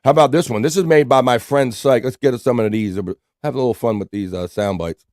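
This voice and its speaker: An American man hosts a live stream show, laid-back as he reads chat messages aloud and greets viewers. He talks quickly in a medium-pitched, darkish voice, and the sound is clean, dry studio audio.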